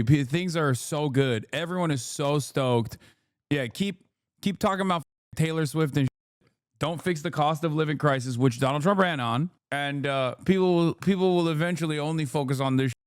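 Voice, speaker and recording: Male streamer, 30s, sarcastic, mocking, smooth, dry close sound. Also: a little high, no room sound. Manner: sarcastic, mocking, quick asides. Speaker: streamer and political commentator. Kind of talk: live-stream reaction commentary.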